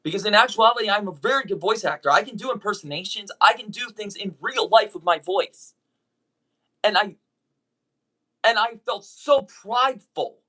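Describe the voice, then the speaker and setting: Addressing viewers directly, a YouTube voice actor records an apology video, speaking earnestly but haltingly and frequently starting sentences over as he apologizes. His voice sits in the mid-range with a sharp edge.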